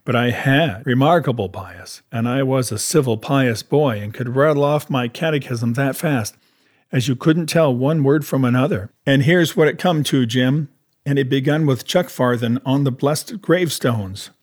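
Brief: a man playing an excitable, rambling old marooned sailor in an audiobook, rustic talk, raised pitch and volume. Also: normal speed, lightly acted. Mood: eager. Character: half-crazed marooned old male castaway, excitable and rambling. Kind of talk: audiobook character voice.

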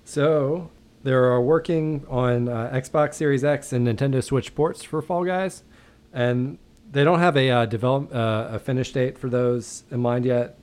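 A man co-hosts a gaming podcast, chatting in a relaxed, unhurried way at a medium pitch. He sounds hesitant and leans on lots of fillers.

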